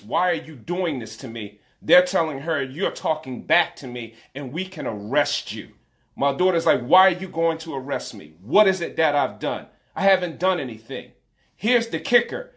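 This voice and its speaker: A man's voice: sits high, a bit bright. A man in his forties, a parent speaking out in an impassioned vlog, indignant and emphatic, repeating key phrases. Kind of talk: impassioned direct-to-camera vlog.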